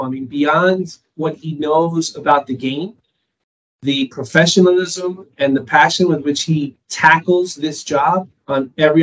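A man's voice: fairly high pitch, poor audio. Earnest, articulate man with a raised voice. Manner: earnest, articulate, formal praise. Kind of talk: interview talk.

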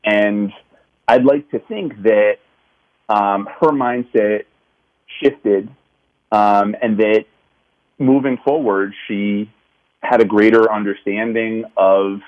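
Speaking slowly in a lowish, steady voice with a slightly mellow quality, the man leaves long pauses while recounting his time as a teacher. He's a city councilman, earnest and reflective, with many restarts as he tells the story in conversation. The recording sounds dull.

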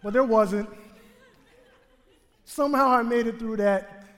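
A man's voice: very high-pitched, slow, a faint crowd. Brief: male stage storyteller, funny and self-deprecating, voice ringing through a big theater. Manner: humorous, self-mocking, animated delivery. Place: theater stage before a live audience. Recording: long theater hall reverb.

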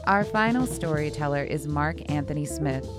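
Low voiced lady hosting a radio show, wry intros, music playing behind. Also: expressive, moderate pace. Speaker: host.

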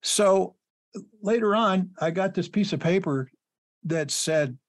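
A middle-aged man with a fairly high voice spins rambling anecdotes as a guest author. He leans on fillers and little laughs. The sound is dry and close. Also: slow, no room sound. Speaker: children's book author, guest. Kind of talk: storytelling in an interview.

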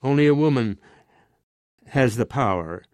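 A man's voice: medium pitch, lively intonation, measured pace, a little mellow, dry recording, close to an everyday voice. A man reading the part of an anxious, superstitious peasant wife who pleads and insists in a slightly raised voice. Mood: pleading.

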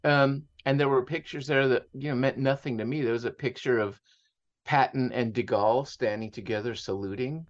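A man's voice: medium pitch, fairly even intonation, normal speed. Guy telling old family stories in an interview, drops in spanish words, kinda muffled lo-fi sound. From Mexico and San Diego. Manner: reflective, mixes in Spanish words. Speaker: author and interview guest. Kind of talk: conversational storytelling.

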